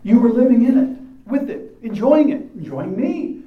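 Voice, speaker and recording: A man's voice: extremely high pitch, very animated, moderate pace, phone-quality sound. A man preaching a sermon in a church, emphatic and full of rhetorical questions. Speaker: pastor. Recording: echoey room, mic at a distance.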